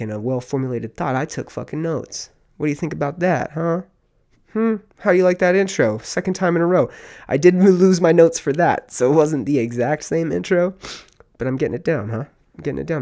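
A man's voice: mid-range voice, darkish tone. A man hosting a solo podcast, ranting in a rambling, profane, fired-up casual way. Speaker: podcast host.

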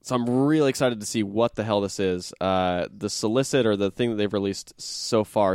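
A man's voice: fairly low pitch, moderate pace, few pauses, a little mellow, clear, resonant tone, dry recording, studio quality. A man hosting a podcast, chatting casually about comic news in a loose, jokey way with lots of fillers. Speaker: podcast host.

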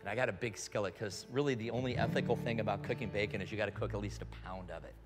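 A man's voice: lowish voice, steady tone, racing. An older man preaching a sermon and leading prayer, earnest and fervent, with a grandfather's storytelling ease. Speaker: pastor. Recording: live hall reverb with music.

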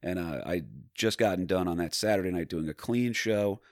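A man's voice: low-pitched, moderate pace, no room sound, clean studio sound. A man from New Jersey, a stand-up comedian, telling rambling stories full of fillers and restarts. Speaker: stand-up comedian, podcast guest. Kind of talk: casual storytelling.

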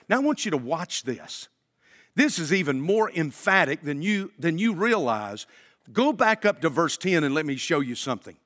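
Emphatic preacher in a reverberant church. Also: male voice, on the high side, lively intonation, unhurried. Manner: emphatic preaching, swinging from loud to hushed. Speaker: pastor. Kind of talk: sermon. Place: church sanctuary. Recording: long hall reverb.

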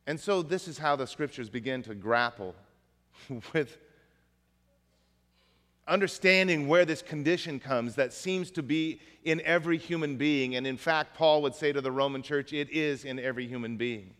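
A man's voice: a little high, moderate pace, fairly bright tone, long reverb tail. A man preaching a sermon as pastor, conversational and folksy, mixing jokes into the message. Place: church.

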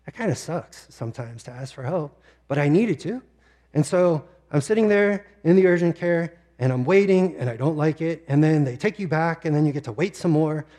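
Soft-toned male pastor telling a personal story. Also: on the high side, animated, normal speed. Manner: personal storytelling, emotional, tearing up at times. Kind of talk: sermon.

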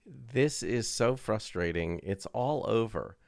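A man in his thirties co-hosts a podcast, chiming in slowly with short reactions and easy laughs. His voice has a gravelly edge and swings widely in pitch, recorded close and dry. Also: lively intonation, a little mellow, dry recording. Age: 30s. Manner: slow, laid-back, short reactions and laughs. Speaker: podcast co-host. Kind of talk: casual podcast chat.

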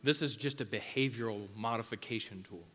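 A male pastor with a lowish voice and brisk pace delivers an intense sermon. He drives his points home through repetition, swinging between loud emphasis and a hush.

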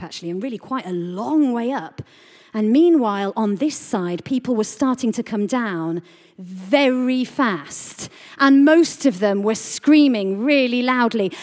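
Bright woman preaching in a hall. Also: sits high. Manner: animated storytelling, asks the audience questions. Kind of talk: lively sermon talk to a congregation. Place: church hall. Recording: reverberant hall.

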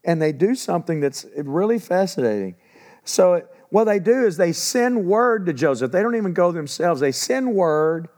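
A man preaching a sermon in a relaxed, conversational teaching voice. His voice sits a little higher than most men's, and he drives points home by repeating them. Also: normal speed. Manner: conversational Bible teaching with emphatic repetition. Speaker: pastor.

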